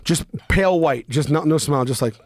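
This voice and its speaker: A man telling a story in a casual talk, animated and expressive, swearing freely and acting out what others said. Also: on the high side, a little fast, dry recording, studio quality. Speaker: podcast guest.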